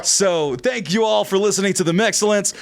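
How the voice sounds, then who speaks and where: A man's voice: high-pitched, fairly quick, creaky. A man hosting a podcast in casual banter, joking playfully and laughing often. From California. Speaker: podcast host.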